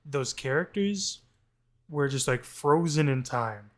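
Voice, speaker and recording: A man's voice: mid-range voice, takes it slowly. A man co-hosting a movie podcast, ranting casually with lots of restarts. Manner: ranting, animated, frequent restarts. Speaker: podcast co-host.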